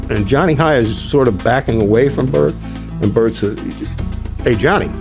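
A man narrating a sports documentary in a measured storytelling way. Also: mid-range voice, creaky. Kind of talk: scripted narration. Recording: music playing behind.

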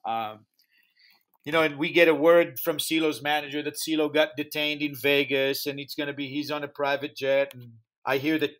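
A man who founded a music festival tells an interview story in animated fashion, acting out quoted dialogue in slightly non-native English. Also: fairly high pitch, normal speed.

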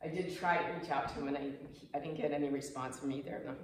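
A woman in her fifties tells a personal story to a small audience in a clubhouse room, chatty and emotional, slipping into the voices of the people she quotes. Her voice sits a little low. The mic is set back from her, so the room adds heavy echo and a faint hiss. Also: fairly even intonation, quick pace. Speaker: speaker giving a presentation. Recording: echoey room, mic far off.

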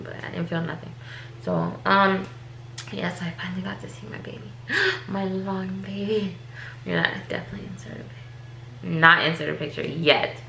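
A woman's voice: fairly low pitch, gravelly, pushed and bright, slight background noise. A woman vlogger telling her story in a chatty, casual way, leaning on "like" and repeating words. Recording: echoey room.

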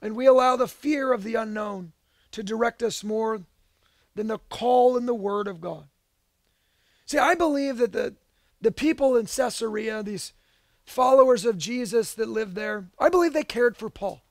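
High-voiced man preaching a sermon. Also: normal speed, no room sound. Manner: earnest and emphatic, with casual asides and bursts of raised voice. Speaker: pastor.

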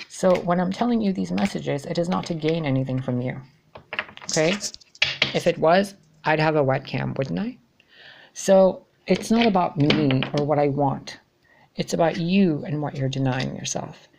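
Low gravelly lady doing a tarot reading, blunt and fed up, swears a lot. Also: noisy background. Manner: blunt, exasperated, swears freely. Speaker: tarot reader.

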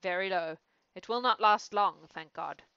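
A woman's voice: mid-range voice, moderate pace, bright, forceful tone, clear, resonant tone, dry recording, highs cut off. A woman reading the lines of a weary, despondent doctor in a storybook reading, with a dreary, sighing delivery.

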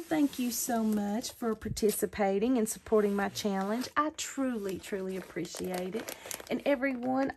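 A woman's voice: fairly high pitch, darkish tone, a little hiss or hum. A woman hosting her craft channel, chatting casually as she unboxes mail, gushing with thanks and delighted exclamations.

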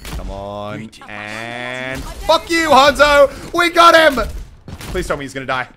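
A young man giving excitable, swearing live commentary over a video game, often shouting at the screen. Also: mid-range voice, slow. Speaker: gaming channel host.

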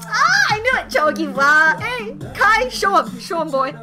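Young woman, very high voice, animated pitch, gasping, exclamatory reaction chatter, clear music behind. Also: a little slow. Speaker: reaction video host. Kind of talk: excited reaction commentary.

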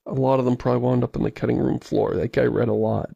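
Gravelly-voiced man hosting a podcast. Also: medium pitch, no room sound, highs cut off. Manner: chatty, animated, quick asides. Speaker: podcast host. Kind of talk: casual podcast chat.

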